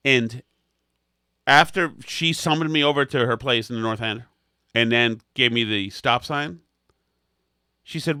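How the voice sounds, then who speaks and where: A man's voice: medium pitch, unhurried, long pauses, bright, forceful tone, clear, resonant tone, no room sound, studio quality. A man co-hosting a comedy podcast, telling long self-mocking anecdotes in a rambling way. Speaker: podcast co-host. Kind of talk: comedic storytelling chat.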